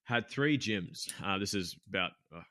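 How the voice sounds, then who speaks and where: A young man in his twenties tells a story as a podcast guest, candid and full of swearing, fillers and false starts. His voice is bright and forceful and sits a little low. The recording is dry and close. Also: animated, normal speed, dry recording. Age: 20s. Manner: candid, swears freely, many fillers and restarts. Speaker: podcast guest, gym business owner. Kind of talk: casual storytelling interview.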